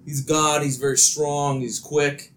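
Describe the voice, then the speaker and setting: A man from Central Ohio hosting a casual wrestling podcast, animated with quick asides and frequent laughs. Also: a little high. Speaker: podcast host.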